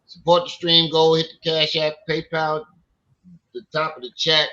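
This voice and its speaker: Profane bright-voiced man telling stories. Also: fairly high pitch, completely flat delivery, moderate pace, highs cut off. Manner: profane, storytelling, acts out quotes. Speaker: livestream host. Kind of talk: casual livestream commentary.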